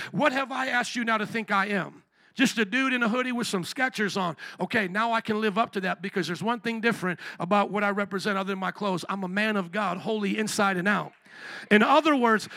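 A man's voice: extremely high pitch, pushed and bright, no echo. A man preaching a sermon as pastor, blunt and direct, acting out little voices of other people as he makes his points.

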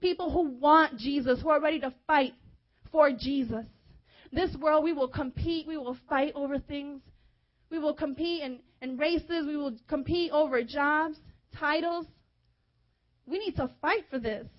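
Young woman preaching hard, high voice, kinda muffled lo-fi recording. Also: a little slow. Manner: fervent, exhorting, with hushed softer stretches. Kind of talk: sermon.

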